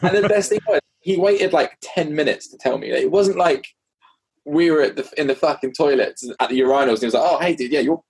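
A man, a pop punk musician guest, telling tour stories in an animated, swearing, casual way. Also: on the high side, a little fast, vocal fry, husky, poor audio. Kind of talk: casual interview chat.

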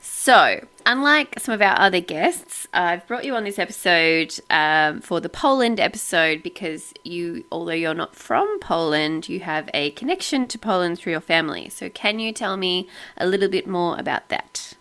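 A woman's voice: fairly low pitch, lively intonation, normal speed, hardly any pauses, sharp tone. An Australian woman hosting a podcast, chatting casually, laughing often and rambling a little. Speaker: podcast host. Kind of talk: casual chat.

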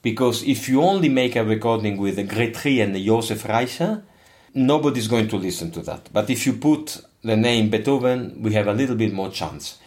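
Older man, non-native speaker with an Italian accent, emphatic, somewhat low voice. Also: normal speed. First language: not English. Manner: expressive, emphatic, digressive. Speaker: musician guest. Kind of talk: interview answers.

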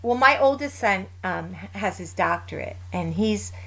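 A woman in her fifties, a guest in a casual chat, telling lively stories and acting out family voices with laughs. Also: mid-range voice, moderate pace, creaky.

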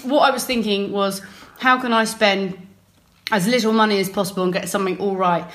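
A young woman from England chatting casually as co-host, wry and quick to laugh. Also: mid-range voice, steady tone, a bit bright. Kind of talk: casual chat.

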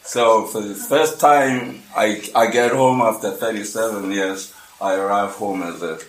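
An older man from South Africa telling a personal story in a halting way, full of restarts and fillers. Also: on the low side, fairly even intonation. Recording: echoey room.

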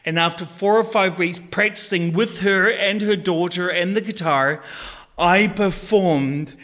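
A man's voice: sits high, measured pace, a bit bright. A man sharing an emotional personal story as a podcast guest, earnest and heartfelt.

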